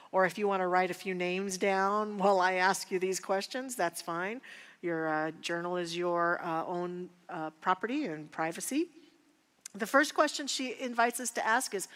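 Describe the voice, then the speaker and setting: A woman minister teaching a spiritual class, speaking in an earnest, personal and unhurried way. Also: mid-range voice, a bit bright, in a large hall. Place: church sanctuary.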